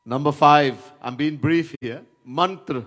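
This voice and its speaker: Slow-speaking man giving a devotional lecture. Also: fairly high pitch, a bit bright. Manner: storytelling, chants Sanskrit verses, stresses words by repetition. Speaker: swami giving a spiritual lecture. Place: Trinidad.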